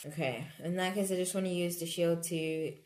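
A woman's voice: on the low side, steady tone, moderate pace. A woman playing a tabletop game, hesitant and questioning as she plans her move. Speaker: player. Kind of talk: tabletop role-play. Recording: echoey room, faint noise.

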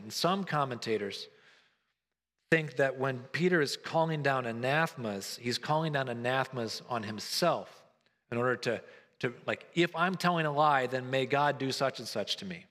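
Male preacher, earnest storytelling, mid-pitched voice, long hall reverb. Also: moderate pace, a bit bright. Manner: earnest storytelling, acting out quoted lines. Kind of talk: sermon.

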